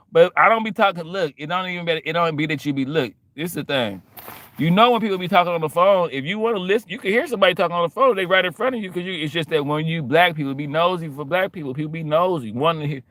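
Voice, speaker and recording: A young man from Louisiana with a Southern accent, telling a slangy, animated story and acting out the scenes. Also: a little high, quick pace, dry recording, studio quality. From Baton Rouge, Louisiana. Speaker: vlogger. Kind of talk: casual storytelling rant.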